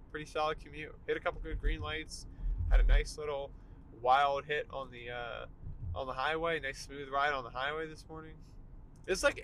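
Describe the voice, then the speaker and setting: A young man hosting a solo podcast from his car during a commute, ranting in an animated, emphatic way. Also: fairly high pitch, rough recording. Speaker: podcast host. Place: in a car while driving. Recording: faint car noise behind. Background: car road noise.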